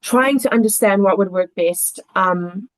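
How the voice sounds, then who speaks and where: A woman's voice: medium pitch, measured pace, poor audio. A woman guest on a podcast, a children's coach, speaking earnestly and thoughtfully in casual conversation.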